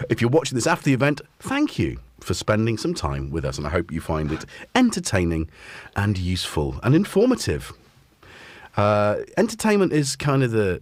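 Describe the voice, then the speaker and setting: A man's voice: on the low side, no room sound. A middle-aged man, hosting a casual live stream and chatting in a playful, rambling way with frequent chuckles. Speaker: host.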